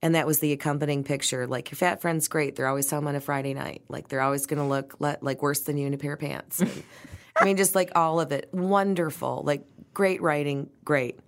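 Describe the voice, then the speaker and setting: A woman's voice: deep voice, fairly quick. A woman chef talking casually and emphatically about plating food, playful and chatty. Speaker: chef and restaurant owner. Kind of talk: casual conversation.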